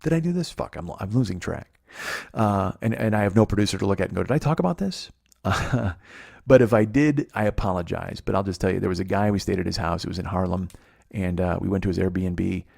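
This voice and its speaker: A man's voice: sits low, creaky, darkish tone, husky. A man in his forties hosting a podcast, telling a rambling, profane comic story that keeps losing track. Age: 40s. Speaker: podcast host.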